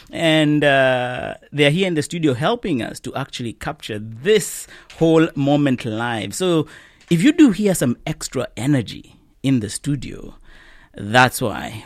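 A man's voice: medium pitch, no room sound, studio quality. A male community radio host, talking conversationally and laughing often.

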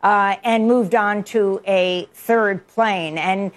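A woman's voice: mid-range voice, steady tone, takes it slowly. A woman hosting a news show, asking a guest questions and reading headlines and upcoming segments in a formal manner. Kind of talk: news interview and scripted show links.

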